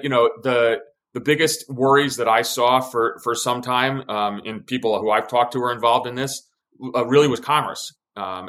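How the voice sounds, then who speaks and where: A man's voice: mid-range voice, a bit bright. Emphatic man, former intelligence officer. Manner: emphatic, many restarts and fillers. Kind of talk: podcast conversation.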